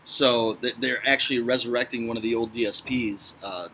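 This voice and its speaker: A man's voice: medium pitch, fairly even intonation, moderate pace, sharp tone, a little hiss or hum. A man with a Chicago accent, a guest on a casual whiskey review, talking in an enthusiastic, chatty way. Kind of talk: casual tasting review chat.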